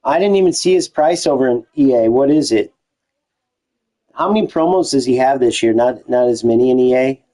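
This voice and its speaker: A man's voice: medium pitch, brisk, warm tone, low-quality recording. A young man streaming a football video game, chatting loosely to his live chat, with casual slang and frequent restarts.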